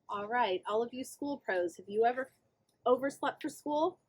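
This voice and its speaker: A woman reading a picture book aloud for children, singsong and animated, often asking her young listeners questions. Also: on the high side, moderate pace, breathy edge. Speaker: children's librarian. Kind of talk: storytime read-aloud.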